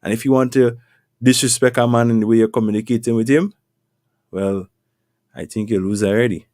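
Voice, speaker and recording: A man's voice: mid-range voice, steady tone, a little fast, a little mellow, no echo. Guy talking advice, preachy, lots of rhetorical questions, dry close sound. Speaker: podcast host. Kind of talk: casual advice talk.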